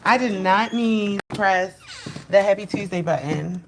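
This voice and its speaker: A woman's voice: mid-range voice, moderate pace, a little hiss or hum. A woman live-streaming casual chat, telling stories to viewers in a loose, profane way from inside a car. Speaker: livestream host.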